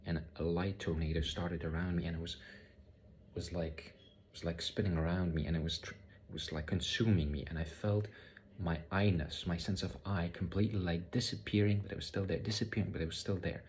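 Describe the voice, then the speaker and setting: A man telling a personal spiritual story in a halting way, often repeating words and using many fillers. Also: sits low, fairly even intonation, darkish tone, a little hiss or hum. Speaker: spiritual vlogger. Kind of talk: personal testimony monologue.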